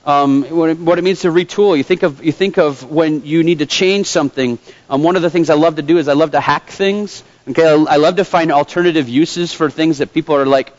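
A man's voice: on the high side, brisk. Conversational male preacher, lo-fi sound. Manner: conversational, storytelling, with fillers. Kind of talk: sermon. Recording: dull lo-fi sound.

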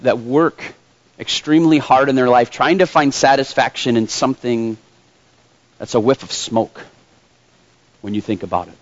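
A man preaching a sermon in a conversational, storytelling manner, with fillers. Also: medium pitch. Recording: dull lo-fi sound.

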